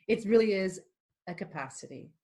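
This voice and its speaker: A woman co-hosting a podcast, chatting in a relaxed, affirming way. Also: medium pitch, normal speed. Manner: relaxed, affirming, laughs along. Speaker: podcast co-host. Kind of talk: casual chat.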